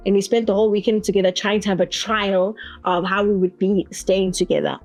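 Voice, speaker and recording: A woman's voice: mid-range voice, fairly even intonation, brisk, a little mellow, faint music behind. A young woman tells a personal story as an interview guest, acting out the other people's lines as she goes.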